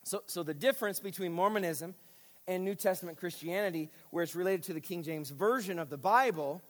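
A man's voice: high-pitched, a little fast, big-room sound. A man, a pastor, giving a teaching sermon and explaining step by step while checking in with his listeners. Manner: explanatory, speaks directly to listeners with frequent checks.

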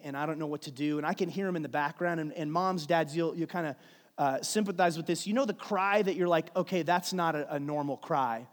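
A man preaching a sermon, telling a family story in a conversational way with frequent restarts. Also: fairly high pitch. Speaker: pastor. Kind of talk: sermon with personal stories. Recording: long hall reverb.

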